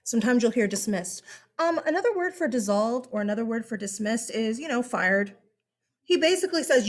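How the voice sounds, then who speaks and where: A woman's voice: fairly high pitch, animated, fairly quick. A woman teaching a history lesson in a casual, chatty way, asking rhetorical questions and calling her listeners guys. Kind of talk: casual classroom lecture.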